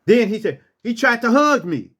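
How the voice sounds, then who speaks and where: A man's voice: very high voice, very animated, normal speed, fairly bright tone. A man casually telling a personal story, acting out what people said and repeating phrases for effect.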